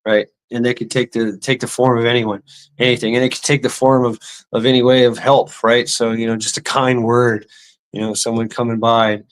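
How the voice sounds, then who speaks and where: A man's voice: lowish voice, level tone, a little fast, fairly bright tone, smooth. A man ranting casually and sarcastically as a vlogger, with lots of stammered repetitions and swearing. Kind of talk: casual profane rant.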